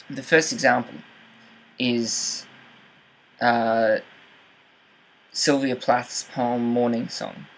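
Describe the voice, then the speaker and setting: A young man hosting a writing channel talks through how to read a poem closely, mixing casual explanation with poetry reading. He sounds hesitant, using fillers and correcting himself, in a mid-range voice. The audio is poor, with slight background noise.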